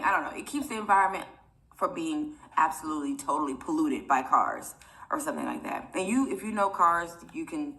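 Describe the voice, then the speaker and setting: A woman's voice: on the low side, pushed and bright. A young woman vlogger telling a personal story to her viewers in a rambling, chatty way, often close to tears. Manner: emotional, near tears.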